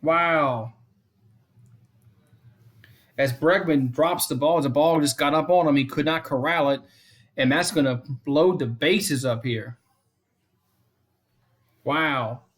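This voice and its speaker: A man hosting a fan live stream, giving casual play-by-play commentary, repeating the count and score often and chatting to viewers between pitches. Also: slow pace, long pauses, a bit bright.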